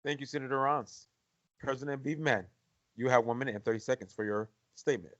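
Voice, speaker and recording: A man's voice: medium pitch, fast talker, fairly bright tone. Man moderating in a formal, repeating voice. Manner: formal, repetitive, trying to keep order. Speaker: debate moderator. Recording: dull lo-fi podcast audio.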